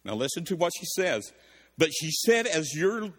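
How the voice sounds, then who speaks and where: A man's voice: a little high, normal speed. Man preaching in a reverberant hall. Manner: reads verses then explains them, with animated asides. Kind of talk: sermon with scripture reading.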